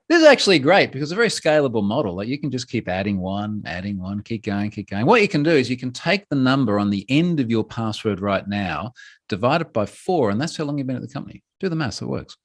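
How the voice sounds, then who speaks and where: Man, conference talk, animated pitch, joking asides. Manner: lively and humorous, with quick asides. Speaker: speaker giving a talk on password security.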